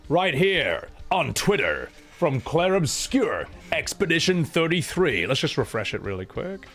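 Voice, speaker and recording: Animated man chatting on stream. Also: medium pitch, normal speed, creaky, few pauses, faint music behind. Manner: animated, swearing, laughing, reacting to chat. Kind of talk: casual live-stream chat.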